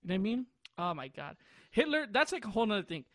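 A high-voiced young man in his twenties rambles through a story on a podcast, often breaking into laughter. The sound is dry and close, with no room around it. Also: very animated, quick pace, fairly bright tone, no room sound. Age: 20s. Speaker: podcast host. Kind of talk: casual chat.

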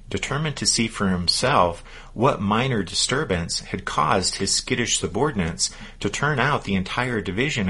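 A man reading scripted historical narration in a measured storytelling manner. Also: fairly low pitch, sharp tone, husky.

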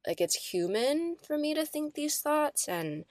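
A thirtysomething woman co-hosting a podcast shares a personal story in easygoing, chatty speech, saying "like" often. Her voice sits high and a little mellow, sing-song at a measured pace, with clean studio sound and no room sound.

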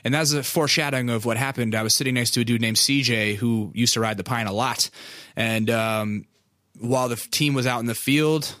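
A man's voice: medium pitch, fairly even intonation, a little fast, fairly bright tone, no echo, clean studio sound. A young man hosting a podcast, telling a rambling, self-mocking story with crude humor in a casual way. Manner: rambling, laid-back, crude humor, laughs at himself. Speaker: podcast host.

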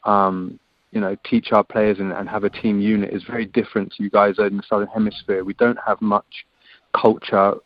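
Low-voiced English man on a dull call line. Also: level tone, normal speed, no echo. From England. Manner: laid-back, chatty, says "man" often. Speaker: guest, rugby player. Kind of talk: casual interview over a phone line. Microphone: phone or call line.

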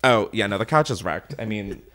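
A man's voice: on the low side, lively intonation, fairly quick, sharp tone. A man hosting a casual podcast, ranting animatedly with swearing and laughter. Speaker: podcast host.

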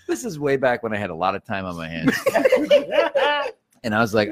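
A man telling a story in casual chat, animated and profane. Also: lowish voice, a little fast, long pauses.

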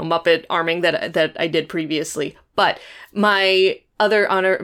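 A woman's voice: on the low side, a bit bright, clean tone. A young woman co-hosting a podcast, gushing about a book in casual chat and laughing often. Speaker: podcast co-host.

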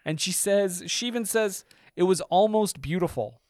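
Man with a smooth, fairly high voice. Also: expressive, normal speed, darkish tone, no echo, clean studio sound. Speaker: podcast co-host. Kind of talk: casual chat.

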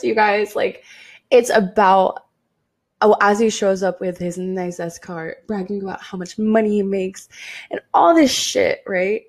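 A woman in her twenties hosting a casual solo podcast, hoarse and raspy from losing her voice, talking bluntly and swearing freely. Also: medium pitch, a little mellow. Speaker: podcast host.

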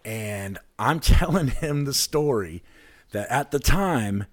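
A man from Alaska, a podcast guest, telling a long, excited anecdote in casual chat and acting out the people in it. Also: medium pitch, slow pace. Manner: excited, rambling anecdote with lively quoted voices.

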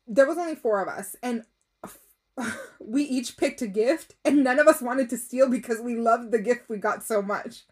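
A young adult woman hosting a casual podcast, reading listener stories aloud and reacting in an expressive, gushing way, swearing freely and slipping in Spanish words. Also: fairly high pitch, moderate pace. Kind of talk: casual chat.

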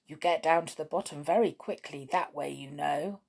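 A woman's voice: low-pitched, normal speed, vocal fry, husky, full character voice. A woman voicing a grumpy, demanding male tree dweller in a storybook reading. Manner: loud, abrupt.

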